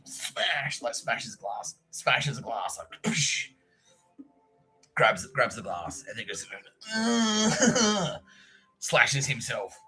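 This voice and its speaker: A man's voice: medium pitch, extremely slow, faint music behind. A middle-aged Australian man hosting a podcast, telling stories in a casual way, swearing, laughing and acting out voices. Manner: animated, swearing, laughing often, acts out voices in his stories. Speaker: podcast host. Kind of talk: casual storytelling.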